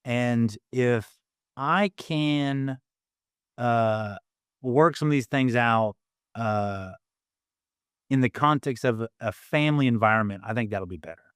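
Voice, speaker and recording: A man's voice: mid-range voice, slow, a bit bright, clear, resonant tone, dry recording, clean studio sound. A man in his thirties, a father and podcast guest, speaking reflectively with many fillers and sometimes acting out his children's voices. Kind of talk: casual conversational interview.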